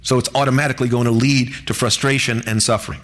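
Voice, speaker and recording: A man preaching a sermon to his congregation in an earnest, measured way, lifting his voice on key words. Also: medium pitch, fairly even intonation, fairly bright tone. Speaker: pastor.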